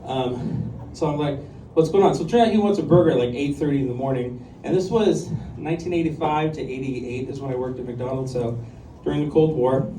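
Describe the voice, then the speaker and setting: A man's voice: medium pitch, brisk, few pauses, noisy background. A man in his fifties doing a conversational, self-deprecating stand-up set on a club stage, full of ums and likes. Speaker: stand-up comedian. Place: comedy club stage with audience. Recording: echoey club room recorded from a distance. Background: audience laughter and room ambience.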